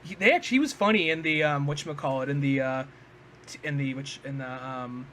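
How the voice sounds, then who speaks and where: A man's voice: fairly high pitch, fairly quick, a little hiss or hum. A young man co-hosting a podcast, chatting casually and acting out cartoon scenes with laughs. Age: young adult. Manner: animated, laughing, acts out cartoon lines. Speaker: podcast co-host. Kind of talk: casual chat.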